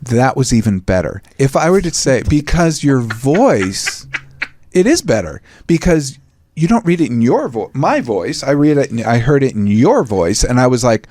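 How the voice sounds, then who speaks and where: A man hosting an interview, enthusiastic and halting, often restarting his sentences. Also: mid-range voice, sing-song, darkish tone. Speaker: podcast host. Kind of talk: conversational interview.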